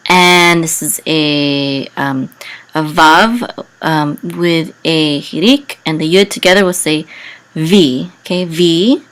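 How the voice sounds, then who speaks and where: A woman teaching Hebrew reading and chant in a casual, halting way, with many fillers, breaking into a higher sung tone for the words. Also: steady tone, fairly bright tone.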